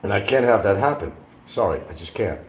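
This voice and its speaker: Blunt, lively low-voiced man chatting. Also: fairly quick, poor audio. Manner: blunt, combative, rambling asides; eating while talking at times. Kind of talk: casual livestream chat.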